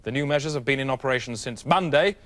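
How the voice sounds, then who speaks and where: A man reading satirical news as an anchor, deadpan. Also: medium pitch, quick pace, a little hiss or hum.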